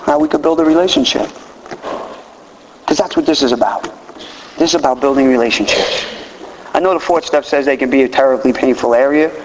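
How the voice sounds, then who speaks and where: A man's voice: mid-range voice, fast talker, long reverb tail, lo-fi sound, background noise. A man in his fifties telling self-mocking, candid stories to an audience as he shares his recovery. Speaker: speaker sharing a recovery story. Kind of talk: comic storytelling talk to an audience.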